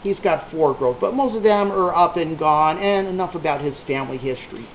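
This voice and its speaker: A man's voice: on the high side, fairly quick, slight background noise. A man telling a rambling, salty anecdote to a small group, with a punchline-driven delivery. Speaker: storyteller. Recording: echoey room on a tinny lo-fi line.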